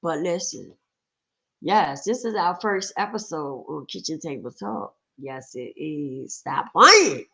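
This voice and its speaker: A woman hosting a casual livestream, hoarse and rough-voiced from a cold, greeting viewers in a lively, chatty way. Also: low-pitched, slow. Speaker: livestream host.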